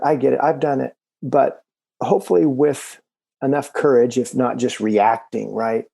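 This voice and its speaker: A male podcast host with a gravelly, husky voice. He reflects out loud and coaches his listeners in an even, measured manner. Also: mid-range voice. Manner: reflective, coaching tone, sports metaphors.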